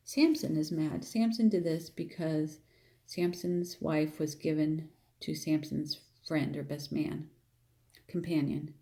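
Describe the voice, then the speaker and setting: A woman teaching a Bible story in a loose, chatty way, rereading verses and thinking aloud as she explains them. Her voice sits fairly low for a woman and sounds mellow and relaxed. She punches out quoted lines with sudden emphatic lifts. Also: slow pace. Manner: chatty, thinking aloud with restarts and repeated phrases; plays out the figures' lines with raised, emphatic voice. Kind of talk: casual Bible reading and explanation.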